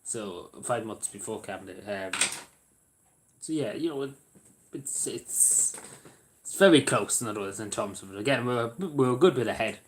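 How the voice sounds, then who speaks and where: A man's voice: fairly low pitch, lively intonation, moderate pace. Rambling man streaming live. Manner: rambling, hesitant, many fillers and restarts. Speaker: livestream host. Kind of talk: casual livestream chat with viewers. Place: at home in a squeaky chair.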